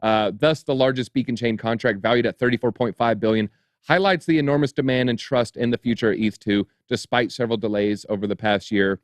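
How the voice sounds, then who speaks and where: A man's voice: mid-range voice, steady tone, brisk, dry recording. Man reading market news with sarcastic asides. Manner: reads headlines, then adds dry sarcastic asides. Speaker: crypto show co-host. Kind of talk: news commentary, reading articles aloud.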